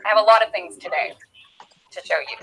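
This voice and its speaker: A woman explaining English grammar as a teacher, patient and clear, repeating simple examples with props. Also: medium pitch, brisk, a bit bright, poor audio. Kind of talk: slow, clear classroom explanation.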